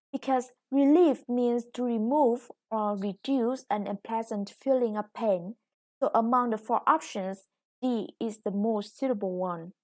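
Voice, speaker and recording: Slow, careful woman teacher. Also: fairly high pitch, a little mellow. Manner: slow, deliberate, stresses each new word. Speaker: English teacher. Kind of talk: recorded classroom lesson.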